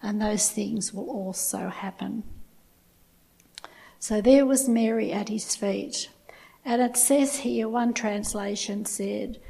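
Husky, gravelly Bible-teaching woman. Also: fairly high pitch, darkish tone, rough recording. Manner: retells scripture with personal asides.

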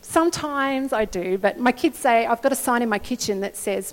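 Animated woman preaching in an echoing hall. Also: on the high side, moderate pace. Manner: animated, conversational, often checks in with "okay?". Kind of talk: sermon. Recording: long hall reverb.

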